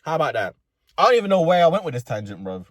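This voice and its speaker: A man's voice: a little high, sing-song, racing, dry recording, clean studio sound. A young man with a London accent, ranting comedically and profanely in street slang from inside a car. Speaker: vlogger. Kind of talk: comedic rant.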